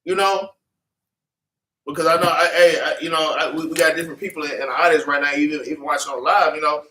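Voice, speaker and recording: A man's voice: a little high, fairly even intonation, fast talker, pushed and bright. A man teaching a Bible class, preaching with fervent, repetitive street talk and having scripture read back to him. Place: meeting room with congregation. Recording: echoey room, mic at a distance.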